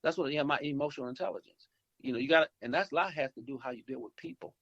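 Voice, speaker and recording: Speaking rapid-fire in a fairly high, slightly bright voice with no echo, a middle-aged man phones in for an interview. An insurance agency owner and investor, he rambles through advice, often repeating and restarting while acting out customer calls; the line is dull and lo-fi.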